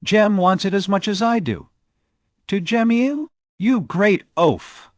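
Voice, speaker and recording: A man reading an audiobook, voicing an eager, bold young maidservant with rustic country speech and a quick, pleading manner. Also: high voice, animated, no echo, voice pushed up. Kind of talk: audiobook character voice.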